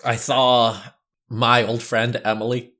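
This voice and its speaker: A man's voice: mid-range voice, level tone, slow, pushed and bright. A man co-hosting a podcast, rambling and teasing himself in casual chat. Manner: rambling, self-mocking. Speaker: podcast co-host.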